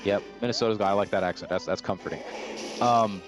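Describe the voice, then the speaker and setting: A man's voice: on the low side, fairly even intonation, fast, soft background music. Profane rambling streamer man. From California. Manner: profane, rambling rants with many restarts. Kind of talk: casual chat over gameplay.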